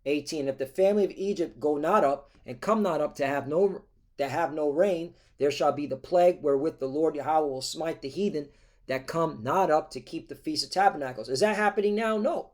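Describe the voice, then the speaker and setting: Combative preacher man, higher voice. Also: a little fast, a little mellow. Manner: constant "all right? okay?" check-ins, combative. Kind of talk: scripture-reading sermon.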